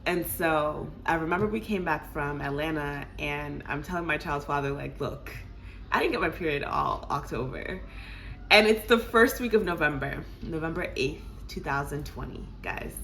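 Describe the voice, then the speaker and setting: Young woman vlogger, animated, laughs often, crisp bright tone over faint noise. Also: low-pitched, normal speed. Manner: animated and laughing, addresses viewers as y'all. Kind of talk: casual storytime.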